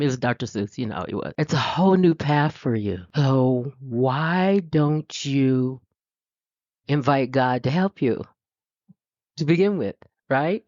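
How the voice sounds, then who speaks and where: Middle-aged woman preacher, chatty and animated, mid pitch, dry dull lo-fi sound. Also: slow pace, no room sound. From US West Coast. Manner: animated, puts on high voices for quotes, laughs often. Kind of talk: conversational sermon.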